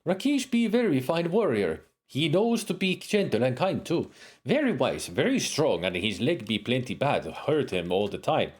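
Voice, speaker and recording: A man's voice: mid-range voice, sing-song, moderate pace, husky. A man voicing a proud spear-fighting warrior woman in broken English with a wandering put-on accent. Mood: warning. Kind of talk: reading game dialogue aloud in character.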